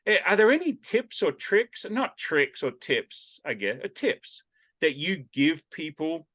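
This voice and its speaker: A man's voice: a little high, sing-song, unhurried, fairly bright tone, no room sound, clean studio sound. A man with an Australian accent hosting a casual interview, rambling and joking as he drifts off on tangents, speaking over a video call. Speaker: podcast host. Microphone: video call headset.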